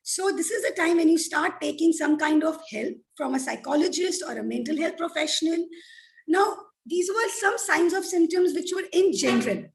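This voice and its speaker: Brief: woman mental health expert, high voice, earnest explainer on a panel. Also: lively intonation, moderate pace, creaky, rough recording. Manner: earnest, explanatory, frequent "you know" fillers.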